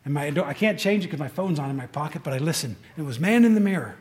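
A man's voice: on the high side, expressive, quick pace, darkish tone. A man giving an informal sermon, chatty, asking the congregation questions and often restarting his sentences. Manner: conversational, asks the audience questions, restarts often. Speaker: preacher. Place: room with a tin roof in the rain.

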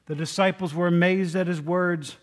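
Pastor guy preaching casual, jokey, keeps asking the church stuff, voice sits kinda high. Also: steady tone, moderate pace. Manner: chatty, jokes and asks the congregation questions. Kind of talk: conversational sermon.

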